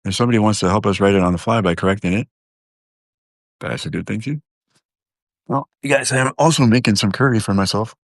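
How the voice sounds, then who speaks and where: A man's voice: on the low side, fairly quick, long pauses, no room sound, clean studio sound. A man hosting a live stream in loose, rambling casual chat, full of fillers and restarts, joking and talking straight to his viewers. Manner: joking, talks directly to viewers.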